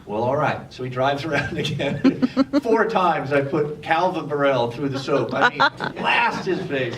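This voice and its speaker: Filmmaker guy at a theater q&a, bit higher voice, off mic, joking around. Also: very animated, measured pace, crowd noise. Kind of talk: Q&A talk on stage. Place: cinema theatre. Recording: far from the mic.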